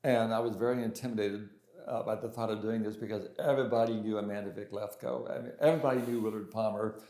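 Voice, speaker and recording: A man's voice: lowish voice, steady tone, fast, dark tone. An older man, a pianist and composer, being interviewed and telling his story in a casual, hesitant way with many restarts and fillers. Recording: roomy echo.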